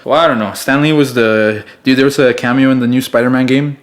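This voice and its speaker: Young male podcast co-host, casual and excitable, slangy buddy talk. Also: medium pitch, a little fast. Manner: excitable, says "dude" constantly. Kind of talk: casual chat.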